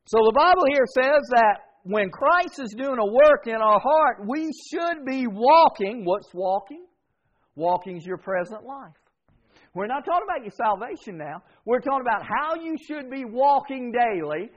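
Preaching a sermon, a man with a very high-pitched voice leads the congregation in call-and-response, making them repeat words back while he drives key words home through emphatic repetition. The highs in the audio are cut off.

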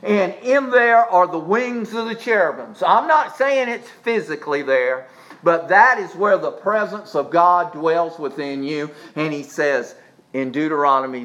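High-voiced preacher climbing to emphatic peaks. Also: male voice, measured pace, highs cut off. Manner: animated preaching that swings from low asides to high emphatic peaks; repeats words and restarts phrases while speaking. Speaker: pastor. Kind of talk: sermon.

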